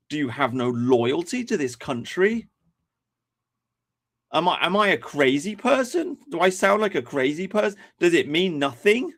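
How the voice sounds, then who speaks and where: A man's voice: high voice, lively intonation, normal speed. An English man ranting on a commentary stream, angry, sweary and incredulous. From England.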